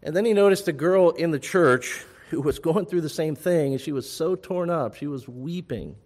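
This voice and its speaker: A man preaching a sermon as pastor, rising to loud urgent appeals and dropping to soft, hushed reassurance. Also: fairly high pitch, normal speed, in a large hall.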